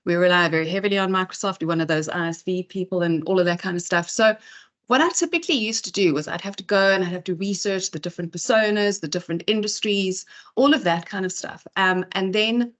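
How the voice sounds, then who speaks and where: A woman with a lowish voice talks fast while giving a chatty conference talk at an in-person event. Her delivery is full of fillers and asides.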